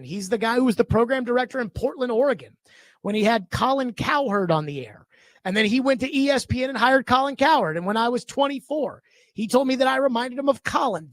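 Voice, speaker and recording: A man hosting a sports radio talk show, ranting in an animated, emphatic and indignant way into a studio microphone. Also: extremely high pitch, fast, no echo.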